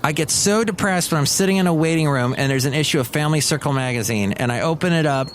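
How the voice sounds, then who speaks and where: A man hosting his own solo podcast, rambling in a casual, excitable, grumpy joking manner. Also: a little high, fast, slight background noise. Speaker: podcast host.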